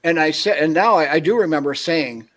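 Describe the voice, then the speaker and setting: A man from northern Minnesota, a guest, telling an animated story on a video call and acting out what people said. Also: fairly high pitch, fairly quick. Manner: animated anecdote, acts out quoted dialogue. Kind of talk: casual storytelling on a call-in show.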